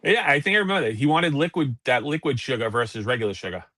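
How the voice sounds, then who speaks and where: Profane, animated man telling stories. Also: medium pitch, fast talker, no room sound. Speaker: podcast co-host. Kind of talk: casual chat.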